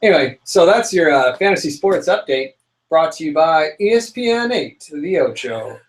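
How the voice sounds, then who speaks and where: A young man co-hosting a casual chat show, telling a story with lively, dramatic outbursts. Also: fairly high pitch, normal speed, rough recording. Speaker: podcast co-host.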